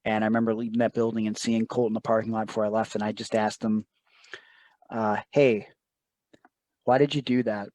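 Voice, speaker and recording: A man's voice: fairly low pitch, level tone, brisk, long pauses, darkish tone, no echo. A man telling a personal story as an interview guest, earnest and emotional, often quoting others in asides.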